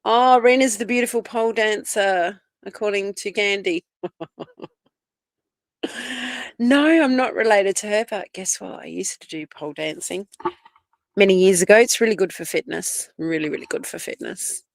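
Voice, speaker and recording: A woman's voice: mid-range voice, normal speed, creaky, no echo. Chatty Australian woman greeting live viewers. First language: Italian. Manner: chatty, greets viewers by name, drifts between topics. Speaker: livestream host. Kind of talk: casual live chat reading comments.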